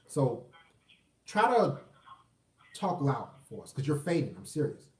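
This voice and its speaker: A man's voice: medium pitch, big pitch swings, a little slow, a little mellow, distant mic. Blunt, profane man hosting a call-in stream. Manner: blunt, profane, pleading with callers. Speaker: call-in show host. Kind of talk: casual live-stream call-in talk. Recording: echoey room, off-mic.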